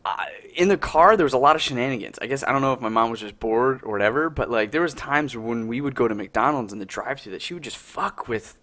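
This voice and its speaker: A young man co-hosting a casual podcast chat, telling stories with lots of fillers, swearing and animated quoted voices. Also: mid-range voice, fast talker, few pauses. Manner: animated, swearing, lots of "like" and "you know what I mean". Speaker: podcast co-host.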